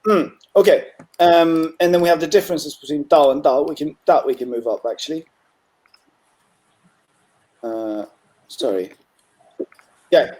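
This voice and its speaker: A man tutoring a student in Chinese over a call, encouraging and relaxed, with frequent fillers and throat clearing. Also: on the high side, unhurried, pauses often. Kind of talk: online tutoring session.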